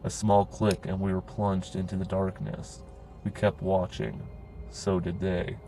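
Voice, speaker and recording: A man narrating a horror story in a grim, steady storytelling manner. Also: low-pitched, a little slow, faint music behind, rough recording.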